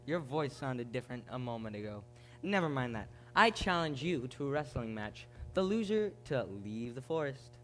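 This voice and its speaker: A man playing a boastful young prince in a stage musical, loud and bragging. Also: medium pitch, sing-song, moderate pace, a little hiss or hum, natural voice. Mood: challenging. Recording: theater stage with music behind.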